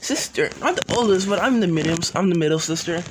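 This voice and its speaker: A fierce young middle sister speaks bluntly and protectively, as a man reads her out in a fan story. The voice stays close to his own, slightly high. The threats come out plain and casual. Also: expressive, fast talker, noisy background.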